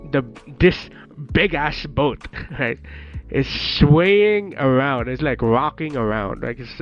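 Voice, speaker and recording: Sick male streamer, rambling and laughing. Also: medium pitch. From Philippines. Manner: rambling, laughs often, casual swearing. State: sick, voice changed. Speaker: VTuber streamer. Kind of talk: casual chat. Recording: dull lo-fi with faint music.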